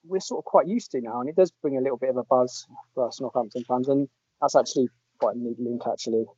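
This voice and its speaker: Male podcast host from England, relaxed and chatty, joking with guests over a dull lo-fi line. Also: mid-range voice, fast, breathy edge, dry recording. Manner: chatty, jokey, rambling with restarts. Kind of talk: casual podcast chat. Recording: dull lo-fi audio.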